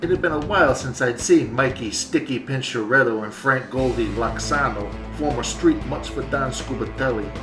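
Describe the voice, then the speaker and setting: A man's voice: mid-range voice, normal speed, few pauses, close to an everyday voice. A man voicing a wisecracking mob-dog narrator. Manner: deadpan wisecracking. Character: gruff male German Shepherd mob father, wisecracking noir narrator. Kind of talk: hard-boiled comedic narration. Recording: roomy echo, faint music.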